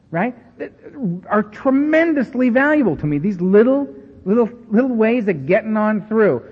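A man speaking to a recovery meeting, telling stories in an animated, self-mocking way and acting out the dialogue. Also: sits high, slightly rough. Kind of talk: storytelling talk to an audience. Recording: dull recording with long hall reverb.

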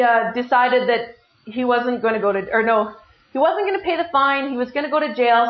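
A middle-aged woman, her voice a little high, shares her recovery story with animated self-mockery, dramatizing other people's remarks. It's recorded in a reverberant room with muffled, lo-fi quality.

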